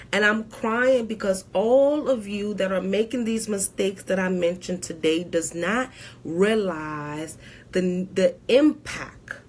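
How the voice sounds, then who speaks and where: A woman's voice: medium pitch, a little hiss or hum. A woman accountant on a live stream, giving tax advice in an emphatic, preachy way and repeating her key points.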